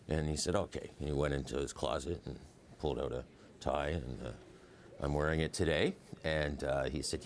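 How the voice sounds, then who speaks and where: Very deep gravelly man. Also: normal speed, slight background noise. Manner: chuckling, loose and chatty with many fillers. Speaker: historian and memoir assistant, interview guest. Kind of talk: anecdotal interview storytelling.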